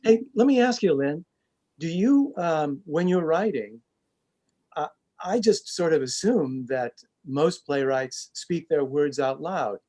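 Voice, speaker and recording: A man's voice: fairly high pitch, animated, slow, dark tone. A man, a stage actor, chatting in an interview over a video call, self-deprecating and full of restarts. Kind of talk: casual interview chat.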